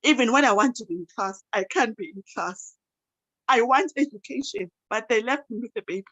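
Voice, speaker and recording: A woman's voice: fairly high pitch, animated, brisk, a bit bright, dry recording, low-quality recording. A woman voicing a young female student who is a scared single mother, speaking in a subdued, confessional way. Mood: sorrowful.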